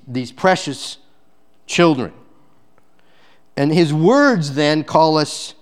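A male pastor preaching a sermon, swinging between loud emphatic peaks and quiet, intense passages, with rhetorical questions to the congregation. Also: a little high.

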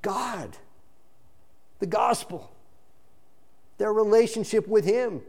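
A man preaching a sermon as pastor, earnest and emphatic, often restarting phrases and breaking into quick asides. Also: high-pitched, a little mellow.

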